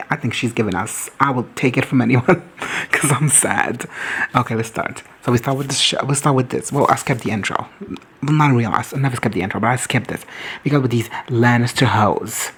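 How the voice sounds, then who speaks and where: Husky voice ranting through a TV recap. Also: mid-range voice, fairly bright tone, rough recording. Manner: rambling, profane and joking. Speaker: TV show recap commentator. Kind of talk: casual comedic recap.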